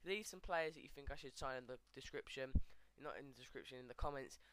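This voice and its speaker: A man hosting a gaming video, giving casual, chatty commentary over match highlights and talking straight to his viewers. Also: fast, fairly bright tone, slight background noise. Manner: chatty, addresses viewers as guys, frequent fillers.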